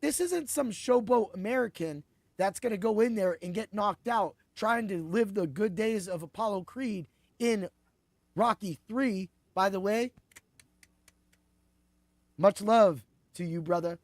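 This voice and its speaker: Excitable gravelly-voiced man hosting a podcast. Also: high voice, measured pace, no room sound. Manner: excitable, rambling, swears and laughs freely. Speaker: podcast host. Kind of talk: casual sports betting podcast chat.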